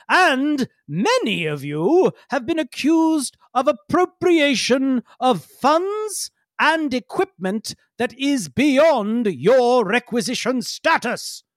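A woman voicing a stern, formal male alien councillor who speaks slowly and carefully. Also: high-pitched, no room sound, clean studio sound, voice pushed up, exaggerated voice.

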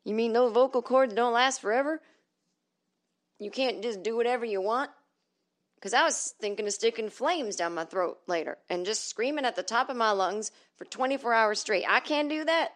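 Woman putting on a clueless loudmouth, southern US accent, brash, dopey, comedy bit. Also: fairly high pitch, moderate pace, voice pushed up, natural voice. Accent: Southern US, put on. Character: clueless loud adult with no voice sense.

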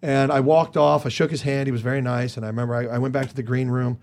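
A man as an interview guest, telling stories casually and with energy, jumping higher in pitch when he quotes others. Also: quick pace. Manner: animated, jumps higher when quoting others; chatty with many restarts. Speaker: guest comedian.

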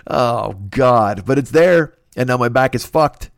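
A man with a mid-range voice hosts a podcast, rambling through a crude story full of profanity. His delivery is casual and animated. The sound is dry and close, with no room around it. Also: mid-range voice, measured pace, creaky, no room sound. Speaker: podcast host.

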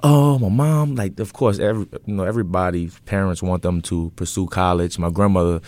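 A man in his twenties telling his story in an interview, earnest and relaxed, with many fillers and restarts. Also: low voice, a little fast, no room sound. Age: 20s. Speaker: interview guest, entrepreneur.

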